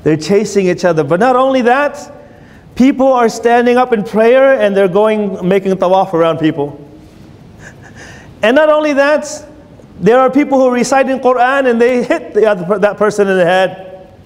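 A preacher with a high voice and lively intonation gives a sermon at a moderate pace, telling a story and asking his listeners questions. The recording has a long hall reverb.

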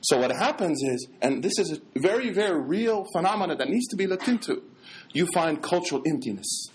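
A fairly high-pitched American man lecturing as an imam, his voice rising and falling with great animation. He mixes casual street slang with scholarly religious terms and keeps the delivery lively. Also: a little fast, slight background noise. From United States.

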